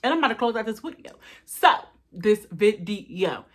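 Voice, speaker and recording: A woman hosting a casual fashion haul vlog, animated and talking straight to her viewers, tired and a bit out of breath. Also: mid-range voice, normal speed.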